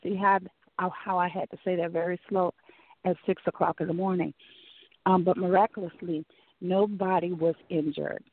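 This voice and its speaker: Woman, radio co-host, effusive casual chat, drawn-out emphasis, phone-quality audio. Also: fairly low pitch, steady tone, slightly rough. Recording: phone-like call-in line.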